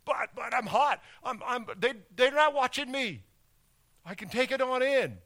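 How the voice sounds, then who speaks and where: A stammering, pleading young football player whines to be put back in the game, voiced by a man. The voice sits well above the speaker's own, and it sounds thin and bright. Each plea stumbles over its first words. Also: extremely high pitch, lively intonation, unhurried, voice pushed up, heavily acted. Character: whiny benched young male football player.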